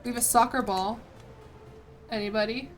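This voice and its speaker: A woman with a slightly high voice and fairly even intonation streams a strategy game at a moderate pace, faint music playing behind her. She reads the game text aloud, stumbles over words, swears, and chats casually, dropping "like" into her asides constantly.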